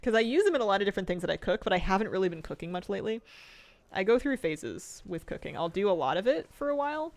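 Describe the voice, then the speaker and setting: A woman's voice: mid-range voice, sing-song, quick pace. A woman game streamer in casual chat with her viewers, rambling and self-mocking and laughing often.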